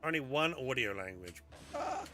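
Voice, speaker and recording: A man's voice: medium pitch, huge pitch swings, normal speed, over music. A man casually commenting on his gameplay while streaming, muttering and swearing now and then. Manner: chatty, muttering to himself, swears.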